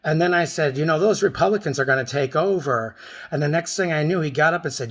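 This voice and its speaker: A man in his thirties telling a rambling, intense personal story to the camera, with sudden loud outbursts. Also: on the high side, quick pace.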